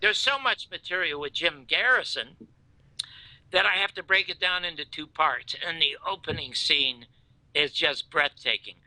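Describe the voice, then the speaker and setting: An older man telling stories in casual chat, animated, jumping from loud outbursts to hushed asides, with a gravelly voice. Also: a little high, normal speed, no room sound, rough recording. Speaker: show host telling stories.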